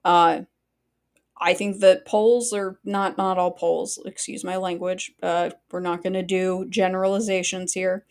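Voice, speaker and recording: A woman's voice: fairly low pitch, level tone, a little slow, darkish tone. Blunt, profane woman live-streamer. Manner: blunt and profane, talks straight to chat; chatty asides and frequent fillers. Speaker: livestream host. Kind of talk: casual live-stream commentary.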